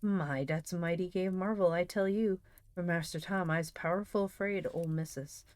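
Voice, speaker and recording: A woman's voice: fairly low pitch, fairly even intonation, moderate pace, darkish tone, no room sound, lightly acted. A woman reading aloud and voicing a timid young boy who hesitates to break his orders, in a storybook reading. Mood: wary. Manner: hesitant, rustic dialect speech. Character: timid young boy servant, easily tempted.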